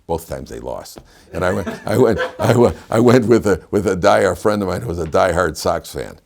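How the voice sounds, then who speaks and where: An older man teaches a relaxed Torah class in a very low voice. He wanders into stories and restarts his sentences often, like a chatty lecturer. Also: fairly quick, vocal fry, slight background noise. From Chicago. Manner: chatty, digressive storyteller with frequent restarts. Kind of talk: informal Torah class with anecdotes.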